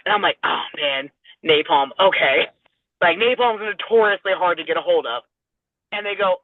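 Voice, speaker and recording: A woman's voice: medium pitch, lively intonation, fairly quick, no room sound. Woman telling a story over a tinny line. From Southern California. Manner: rambling, acts out quoted dialogue, laughs often. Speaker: pro wrestler guest. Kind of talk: casual interview storytelling. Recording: tinny phone-like dry sound.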